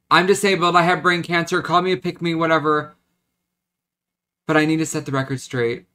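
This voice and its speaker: Choked up young guy rambling into his vlog cam, keeps restarting, close to crying. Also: medium pitch. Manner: rambling and emotional, with frequent restarts. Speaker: vlogger. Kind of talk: emotional confessional vlog.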